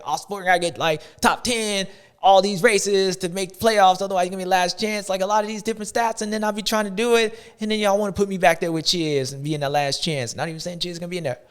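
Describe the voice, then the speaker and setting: High-voiced playful man hosting. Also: clear, resonant tone. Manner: playful, slangy, rambling. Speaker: show host. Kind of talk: casual sports commentary.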